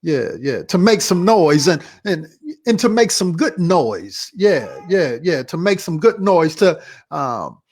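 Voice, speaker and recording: A man hosting a church talk show, casually recapping a sermon in a relaxed, repetitive, slangy way. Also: a little high, takes it slowly, slightly rough. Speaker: pastor and show host.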